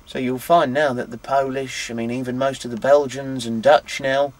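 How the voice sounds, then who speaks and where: A man's voice: mid-range voice, fairly even intonation, normal speed. A man from England in his twenties, a truck driver telling stories in a casual interview, full of "you know" fillers. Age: 20s. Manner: chatty, anecdotal, many "you know" fillers. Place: outdoors at a harbour.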